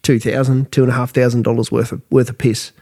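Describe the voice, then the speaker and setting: A man's voice: medium pitch, level tone, fast, breathy edge. A tired, tipsy Australian man in his thirties, co-hosting a crude, casual pub chat. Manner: blunt, swearing, laughs loudly at his own jokes. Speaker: podcast co-host.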